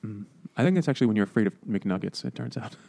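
A man's voice: lowish voice, expressive, vocal fry, warm tone. A man on a casual podcast, joking and trading puns while talking about a book. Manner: joking, quick asides and puns. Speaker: podcast co-host. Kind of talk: casual chat.

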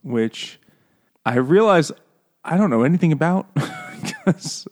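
A man's voice: a little high, huge pitch swings, takes it slowly. A man chatting casually in a book club, joking, swearing and laughing often. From raised Catholic. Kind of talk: casual chat.

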